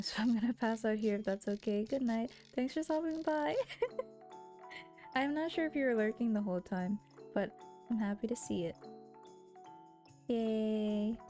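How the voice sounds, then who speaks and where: A woman's voice: on the high side, a little slow, long pauses, dark tone, soft background music. A young woman streamer chatting casually and giggling while she voices a visual novel. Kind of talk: casual stream chat and voice-through.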